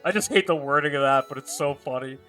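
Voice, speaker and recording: A male streamer chats while he plays, his voice bright and a touch higher than most men's. He rambles from joke to joke and swears freely. Faint game music plays underneath. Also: quick pace. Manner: profane, joking, rambling banter. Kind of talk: casual chat while playing a game live.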